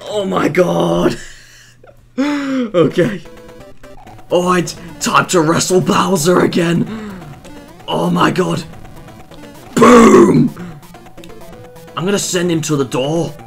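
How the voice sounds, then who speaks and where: Guy yelling at a video game as he plays, kinda high voice, talks slow. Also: vocal fry, faint music behind. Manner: excitable, exclaiming and scolding the game. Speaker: gameplay video host. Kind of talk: let's play commentary.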